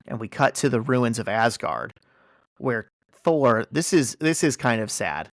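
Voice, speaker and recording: Man excitedly retelling a story, dry sound. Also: medium pitch, unhurried, no room sound. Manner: animated storytelling with many fillers. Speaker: podcast host. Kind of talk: casual chat recapping a comic.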